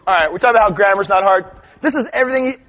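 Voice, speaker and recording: A middle-aged man giving a live teaching talk, lively and chatty, often checking in with "right?". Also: sits high, very fast, slight background noise. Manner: animated storytelling, asks "right?" often. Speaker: workshop presenter.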